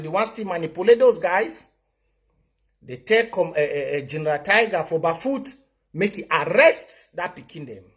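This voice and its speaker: Impassioned Cameroonian man, husky and lively. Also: sits high. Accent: Cameroonian English and Pidgin. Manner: impassioned, preachy, repeats himself. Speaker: online political commentator. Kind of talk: livestream political monologue.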